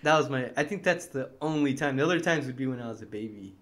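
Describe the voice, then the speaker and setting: A young man co-hosting a podcast, telling an animated story in casual chat and acting out the quotes. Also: mid-range voice, fast talker, a loud crowd. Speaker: podcast co-host.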